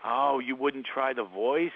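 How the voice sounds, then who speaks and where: A man's voice: medium pitch, unhurried, creaky, narrow, tinny audio. A middle-aged man with a Philadelphia accent, guesting as a comedian on a radio show, firing off jokes and laughing mid-sentence. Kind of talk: joking radio interview.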